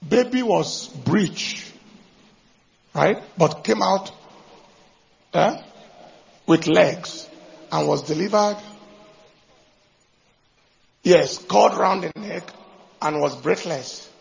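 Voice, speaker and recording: A man preaching a sermon as pastor, animated, breaking into shouts and laughter. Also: sits high, very slow, gravelly, pauses often, highs cut off.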